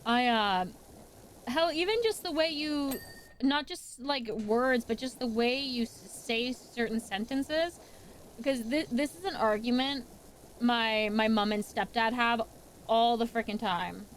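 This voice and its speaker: A woman from Newfoundland chats loosely on a live stream, restarting her sentences and swearing offhandedly. Her voice sits a little high for a woman, with a faint background hum under it. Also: a little slow. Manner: rambling, swears casually, frequent restarts. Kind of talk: casual live-stream chat.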